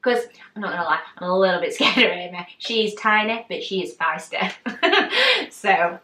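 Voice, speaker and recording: A woman telling a story to camera in a casual, animated way, acting out what people said. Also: mid-range voice, normal speed. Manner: animated, chatty, acts out quotes. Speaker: vlogger. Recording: echoey room, mic at a distance.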